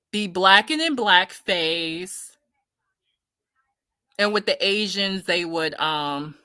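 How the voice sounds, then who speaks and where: A woman talks straight into the mic in a blunt, indignant commentary style, swearing freely as she works through the story and reads viewer comments aloud. Her tone is bright and forward, and the sound is dry and close with no room around it. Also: mid-range voice, dry recording. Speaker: commentary host. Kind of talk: casual opinion commentary.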